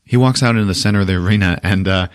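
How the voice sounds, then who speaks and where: A man hosting a podcast who recaps a movie in a casual, profane, animated way, laughing often. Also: deep voice, rapid-fire, no room sound, studio quality. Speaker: podcast host.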